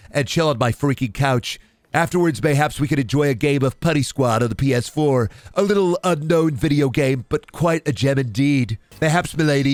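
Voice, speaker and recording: A man's voice: mid-range voice, no room sound, pitched above the performer's own voice, lightly acted. A man voicing an awkward nerdy young man who woos a lady with pompous old-fashioned phrasing.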